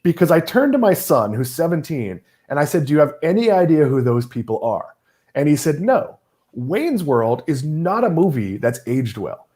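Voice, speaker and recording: Lively, wry middle-aged man hosting. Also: a little high, moderate pace. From Massachusetts. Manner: wry, teasing. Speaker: host. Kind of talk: casual chat.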